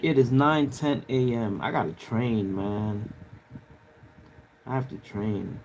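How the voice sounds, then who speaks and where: Guy rambling on his livestream, talks right at the chat, swears a lot, middle pitch voice. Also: slow, darkish tone, slight background noise. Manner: loose and profane, lots of filler.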